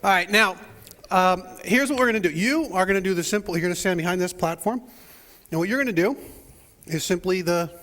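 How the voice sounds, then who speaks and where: A man with a high voice speaks as a pastor opening a sermon. He jokes and chats directly with his congregation in a church sanctuary. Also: fairly quick, fairly bright tone, big-room sound. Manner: joking, chatty, talks straight to the congregation. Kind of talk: playful sermon opening with audience interaction.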